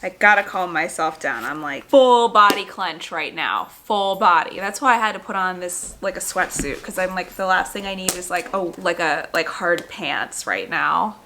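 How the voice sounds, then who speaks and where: A woman's voice: fairly low pitch, moderate pace, few pauses, noisy background. A young woman vlogging at home, chatting casually to the camera with lots of "like" and asides to her dog. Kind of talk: casual vlog chat to camera. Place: at home indoors.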